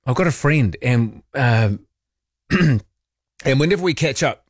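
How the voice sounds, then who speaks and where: A man's voice: medium pitch, animated, measured pace, dry recording, studio quality. A man hosting late-night talkback radio, chatty and opinionated, with sarcastic asides. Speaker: radio talk show host. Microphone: close studio mic.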